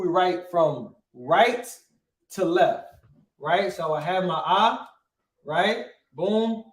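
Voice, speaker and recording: Man, teacher, emphatic, rhetorical questions, slightly high voice, roomy echo. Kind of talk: classroom lesson.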